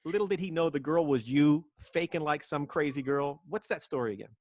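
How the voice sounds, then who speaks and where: A man's voice: fairly high pitch, a little fast, a little mellow, dry recording. A man hosting a radio interview from his home, enthusiastic and plugging his guest between rambling questions. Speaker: radio host. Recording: dry remote interview from home.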